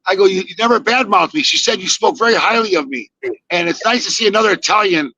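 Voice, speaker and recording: A man in his sixties telling a casual story, acting out the quoted lines with lively energy and casual swearing. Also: high-pitched, quick pace, no room sound, poor audio. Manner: animated, acts out quoted dialogue, swears casually. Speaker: podcast guest telling stories.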